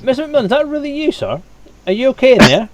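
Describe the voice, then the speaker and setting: Brief: man doing a frantic security guard, higher and louder than normal speech, pleading to be let in. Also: very animated, fast talker, far from the mic, background noise. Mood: urgent. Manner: urgent, pleading shouts. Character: agitated male station guard.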